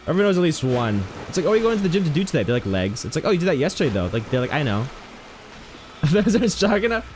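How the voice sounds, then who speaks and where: A man's voice: on the high side, fast, over music. A young man chatting casually while streaming a game, joking, rambling and telling stories to his chat. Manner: joking, rambling, animated storytelling.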